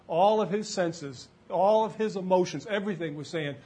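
A man's voice: on the high side, lively intonation, fairly quick, few pauses, mellow, slightly rough. A man preaching a sermon to a live congregation in a church, talking casually and quizzing the listeners with questions.

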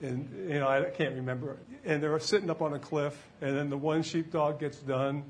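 A pastor preaching a sermon in church, shifting from loud shouts of praise to relaxed, conversational teaching. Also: male voice, a little high, normal speed, slight background noise.

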